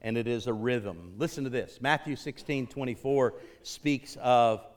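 A middle-aged man preaching a sermon, building to loud, impassioned emphasis on key lines. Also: mid-range voice, unhurried.

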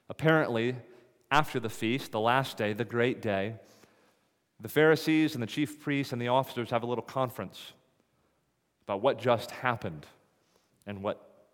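A man preaching an expository sermon, reading scripture and posing rhetorical questions that build to emphatic peaks. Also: mid-range voice. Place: church sanctuary. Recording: long hall reverb.

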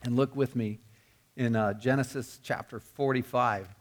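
A man's voice: medium pitch, steady tone, moderate pace. A man preaching a sermon, telling the story earnestly and often repeating or restarting his words. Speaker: pastor.

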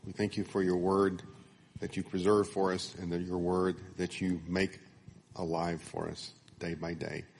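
A man's voice: sits low, flat delivery, measured pace, a little mellow, slight background noise. A man at church introducing the guest speaker and leading an opening prayer. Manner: upbeat introduction, then earnest prayer. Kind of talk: announcement and prayer.

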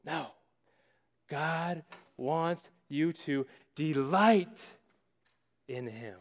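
A man preaching a sermon as pastor, telling stories with dramatic pauses and lively emphasis. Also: fairly high pitch, in a large hall. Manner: animated storytelling with dramatic pauses.

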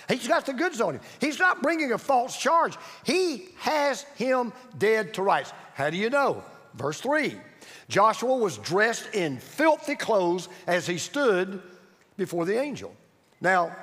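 Male pastor, high and animated, emphatic sermon delivery, reverberant church. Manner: emphatic, repeats key phrases, swings from loud to hushed. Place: church sanctuary.

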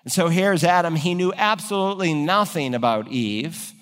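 A man delivers a sermon from the pulpit, his voice sitting a touch higher than most men's. He builds phrases toward emphatic peaks. A long reverb from a large church hall trails each line. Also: moderate pace, a bit bright, smooth. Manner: preaching with rising emphatic peaks. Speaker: pastor.

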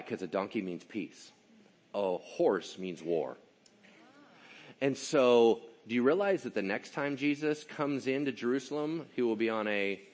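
A man preaching a sermon in an animated, conversational way, often checking in with his listeners. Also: mid-range voice. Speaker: pastor.

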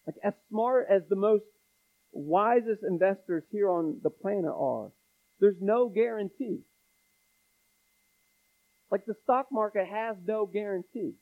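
A man's voice: high-pitched, unhurried, long pauses. A man preaching a sermon, pressing the congregation with pleading rhetorical questions. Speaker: pastor. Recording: tinny phone-like sound.

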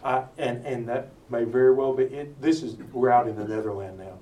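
A man preaching, telling the story with animated asides and jokes. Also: mid-range voice, fairly quick. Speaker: preacher teaching a Bible study. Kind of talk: sermon. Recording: roomy sound from far off with faint ambience.

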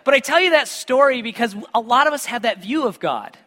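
A man's voice: extremely high pitch, lively intonation, brisk, pushed and bright, long reverb tail. A man preaching a sermon to a congregation, mixing scripture with funny personal stories and joking asides to the listeners. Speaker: pastor.

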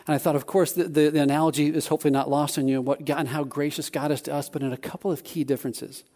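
A man preaching a sermon, telling a personal story in an animated way with many restarts. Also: on the high side.

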